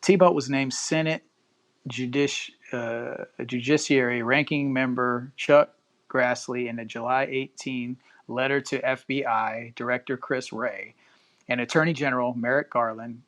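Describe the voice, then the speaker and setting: A man's voice: medium pitch, fairly bright tone. Chatty, profane male podcast host. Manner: loose, profane, chatty asides. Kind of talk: casual live-stream chat and news reading.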